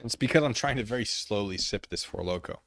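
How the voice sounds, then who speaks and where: A man's voice: lowish voice, fast. A man streaming from his living room, chatting casually and reading chat aloud, rambling and self-deprecating.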